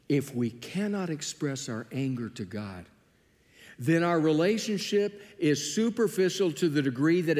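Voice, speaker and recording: A man preaching from the pulpit, his voice pitched somewhat high for a man. He acts out scripture scenes with lively dialogue, and his words ring with the long reverb of a large hall. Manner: animated storytelling, acting out biblical dialogue. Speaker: pastor. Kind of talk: sermon.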